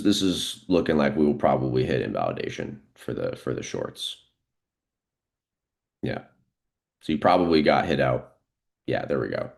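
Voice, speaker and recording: A man with a very deep, creaky voice does unscripted live market commentary as a streamer. He thinks out loud in a relaxed style, peppered with fillers.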